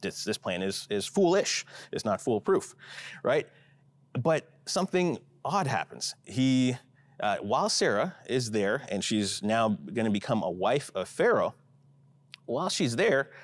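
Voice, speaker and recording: A man preaching a conversational sermon and reading scripture. He talks in a chatty, informal way, often checks in with his listeners, and gets animated when he puzzles over the text. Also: medium pitch, dry recording. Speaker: pastor.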